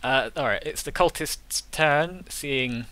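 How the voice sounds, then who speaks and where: Guy running a tabletop game, bright voice, keeps restarting his sentences. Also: medium pitch. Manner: halting, full of restarts and fillers. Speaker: game master.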